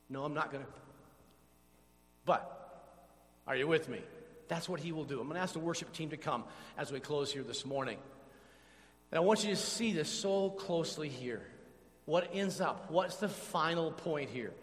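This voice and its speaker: High-voiced preaching man in reverberant church. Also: normal speed, long pauses. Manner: animated, call-and-response preaching. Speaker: pastor. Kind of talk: sermon. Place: church sanctuary. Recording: long hall reverb.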